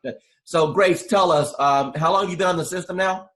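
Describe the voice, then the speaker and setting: A man hosting a client interview, asking measured, leading questions. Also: high-pitched, fairly bright tone. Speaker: interviewer and program host.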